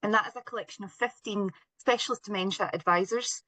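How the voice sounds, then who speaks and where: A woman's voice: medium pitch, quick pace, bright, forceful tone, no room sound, poor audio. A middle-aged woman with a broad Glasgow Scottish accent gives an earnest webinar presentation over a video call, with frequent ums and restarts. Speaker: charity support services head, webinar panellist.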